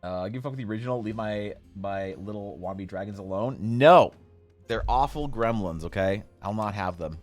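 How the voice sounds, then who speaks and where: A man with a fairly low voice runs a casual drawing livestream and banters with his chat. He jokes in mock outrage and now and then bursts out loud. Soft music plays faintly behind him. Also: brisk, hardly any pauses. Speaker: artist streaming while drawing.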